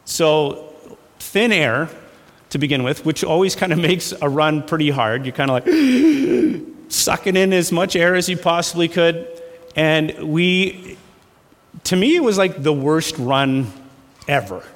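Emphatic preacher in a reverberant hall. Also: male voice, a little high, a little slow. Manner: emphatic, repeats phrases for effect; folksy storytelling with fillers and laughs. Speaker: pastor. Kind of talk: sermon.

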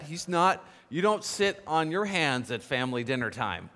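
Brief: male pastor, animated sermon delivery, higher voice, long hall reverb. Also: normal speed, hardly any pauses. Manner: lively storytelling, asks the congregation questions.

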